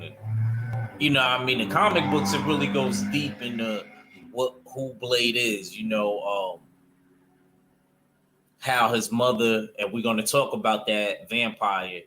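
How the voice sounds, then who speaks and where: A man's voice: mid-range voice, steady tone, unhurried, pauses often, background noise. A man chatting casually about comic books in a rambling way, with loose slang and lots of fillers. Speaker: comic book vlogger. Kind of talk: casual chat.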